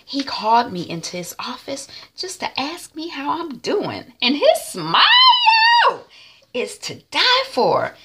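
A woman's voice: sits high, sing-song, a little hiss or hum, voice pushed up. Woman putting on a squealing, catty office flirt. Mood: gushing. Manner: squealing, drawn-out, giggly.

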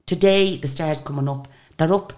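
A woman's voice: deep voice, normal speed. A woman in her sixties with an Irish accent, a singer telling stories in a chatty interview, often restarting her sentences. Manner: chatty, lively storyteller with frequent restarts. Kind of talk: casual storytelling interview.

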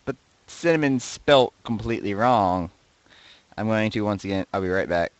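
A man casually reading and joking about viewer posts, laughing often and swinging between loud outbursts and mumbles, close to his desk mic. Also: fairly low pitch, normal speed, no echo, poor audio. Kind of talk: casual commentary. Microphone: desk mic right beside him.

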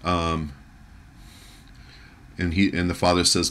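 A man giving a music lecture, talking in a halting way with many fillers and restarts as he reads and translates a German poem. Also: deep voice, flat delivery, bright, forceful tone, clear, resonant tone. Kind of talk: recorded lecture.

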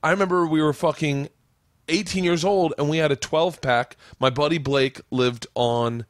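A man's voice: a little high, steady tone, normal speed, dry recording, clean studio sound. A man hosting a casual podcast, telling rambling stories full of swearing. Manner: profane, rambling storyteller. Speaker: podcast host.

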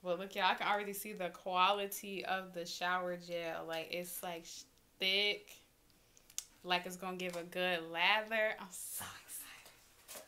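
A woman vlogger talking casually and excitedly to her viewers as she unboxes and tries on a small clothing haul. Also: on the low side, normal speed, a little hiss or hum. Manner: chatty and excitable, talks straight to viewers.

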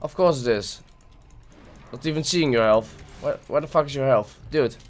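A man's voice: medium pitch, moderate pace. A man giving live gameplay commentary, frustrated and swearing at the game as he plays. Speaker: gameplay video creator.

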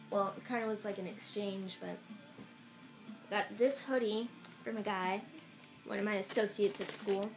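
A young woman vlogger rambles offhandedly through a haul video, full of fillers, recorded on an iPad camera. Her voice is a little high, the recording is rough, and faint radio music plays in the background.

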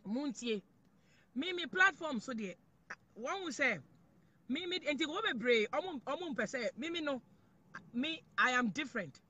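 A person from Ghana with a Ghanaian accent, giving animated commentary to viewers, emphatic and repetitive, mixing Twi and English. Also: high voice, a little slow, pauses often, dull audio. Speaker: online commentator.

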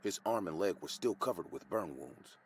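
A man telling a first-person horror story as scripted, expressive narration. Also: sits low, moderate pace, slightly rough.

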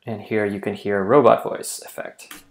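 A man teaching a software tutorial in a studio, explaining in a relaxed, friendly way with small fillers. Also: on the low side, normal speed. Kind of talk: tutorial demonstration. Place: recording studio. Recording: echoey room with faint music.

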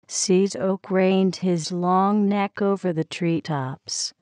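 A woman reading a children's story aloud in a gentle, expressive way. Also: fairly low pitch, slow pace, few pauses, clear, resonant tone, dry recording, clean studio sound.

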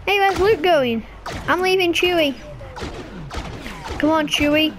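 Playing a video game, this woman keeps up a relaxed, excitable stream of chatter punctuated by abrupt, high-pitched squeals. Her pace is measured, and the background is noisy.

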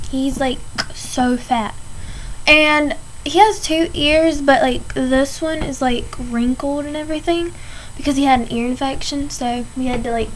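A woman's voice: on the high side, slight background noise, rough recording. A teenage girl ranting casually in a vlog, chatty and exasperated, full of "like". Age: teens. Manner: chatty, filler-heavy, exasperated. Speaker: vlogger.

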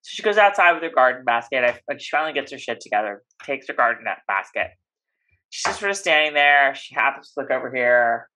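A playful woman co-hosting a casual podcast, fond of running gags. Her voice is very low-pitched and bright, with a forceful edge. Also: big pitch swings, fast talker, poor audio. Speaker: podcast co-host recapping a TV episode. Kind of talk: casual chat.

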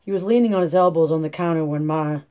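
A man's voice: fairly high pitch, quick pace, warm tone, smooth. A man reading a classic novel aloud as audiobook narration, giving the characters a light rural dialect. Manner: reads plainly, voicing all characters with light dialect. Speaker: audiobook reader. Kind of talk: scripted narration.

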